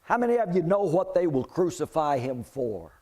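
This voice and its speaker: A male preacher with a voice on the high side speaks at a moderate pace during a sermon. He retells a Bible story in an animated way and asks the congregation questions.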